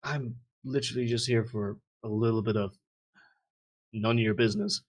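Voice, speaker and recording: A man's voice: fairly low pitch, steady tone, normal speed. A man plays a jumpy thug cornered in a back alley. He swears freely and dodges every question, talking in nervous bursts. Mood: evasive. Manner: jittery, swearing, evasive.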